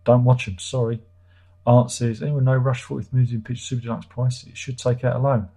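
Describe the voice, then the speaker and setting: Husky, mellow-voiced man on a livestream. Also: mid-range voice, flat delivery, brisk. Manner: irreverent, joking, swears freely. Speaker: livestream host. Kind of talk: casual livestream chat reading viewer comments.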